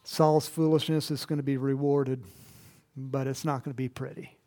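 A man's voice: mid-range voice, flat delivery, normal speed, warm tone. A male preacher delivering a sermon and reading scripture, talking animatedly with frequent chuckles and rhetorical questions.

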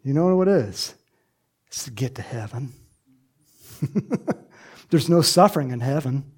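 A man preaching a sermon in a lively way, acting out quoted voices and laughing often. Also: mid-range voice, measured pace, husky. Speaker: pastor.

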